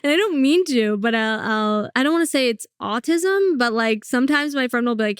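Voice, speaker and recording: A young woman, a comedian talking casually and bluntly as a guest, telling stories and slipping in quick quoted asides. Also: on the high side, animated, smooth, no room sound, studio quality. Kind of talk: casual interview chat.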